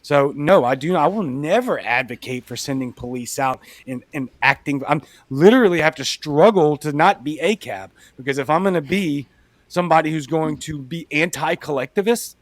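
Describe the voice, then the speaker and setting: A young man with a Cajun accent, a podcast guest telling a personal story in blunt, animated casual talk. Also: fairly high pitch, moderate pace, dry recording. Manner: blunt, animated retelling with acted-out quotes.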